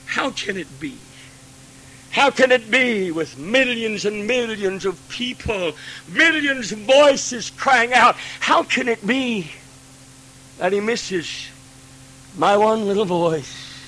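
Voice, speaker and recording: A man preaching a Pentecostal sermon, swinging from hushed pleading to ringing cries and acting out God's pleading voice. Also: very high-pitched, animated, slow pace, poor audio.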